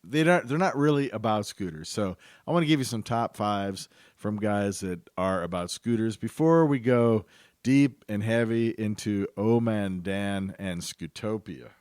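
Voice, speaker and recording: A man's voice: lowish voice, lively intonation, measured pace, darkish tone, clean tone, no room sound, studio quality. A man hosting a podcast, talking in a rambling, enthusiastic, chatty way. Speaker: podcast host. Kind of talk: casual podcast monologue.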